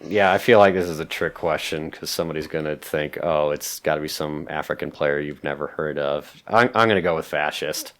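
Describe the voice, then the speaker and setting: A man on a podcast panel, reasoning out loud in a dry, casual way. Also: very deep voice, fairly quick, hardly any pauses.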